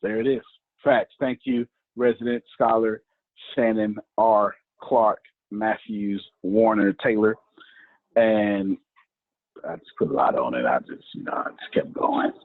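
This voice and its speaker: A man teaching in a preaching style, repeating key phrases slowly for emphasis. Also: fairly low pitch, dry recording. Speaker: teacher leading an online class. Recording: tinny phone-like line.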